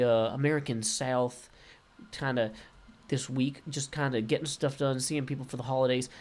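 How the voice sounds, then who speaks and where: Goofy guy rambling over his game, punny, keeps correcting himself, mid-range voice. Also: mid-range voice. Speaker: game video host. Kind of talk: casual gameplay commentary. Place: relatives' home while traveling.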